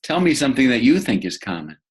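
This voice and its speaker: A man's voice: mid-range voice, sing-song, fast talker. A man teaching vocabulary to young learners, patiently repeating words and asking the listener to say them back. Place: room with a bed, indoors.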